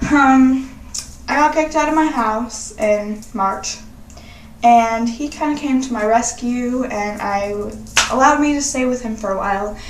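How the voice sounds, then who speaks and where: A woman's voice: high voice, slight background noise. A young woman vlogging in a casual, sassy, profane chat. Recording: roomy echo, distant from mic.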